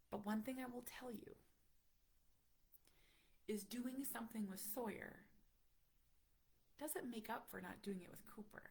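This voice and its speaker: Candid woman with a gravelly edge. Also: a little high. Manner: candid, emotional, softly confiding. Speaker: parent host of a live stream. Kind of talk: casual live-stream chat.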